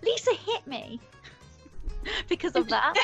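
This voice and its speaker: A woman's voice: extremely high pitch, very animated, slow, gravelly, muffled recording, faint music behind. A woman co-hosting a casual interview, giggly and rambling, full of "like" fillers. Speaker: interviewer, co-host.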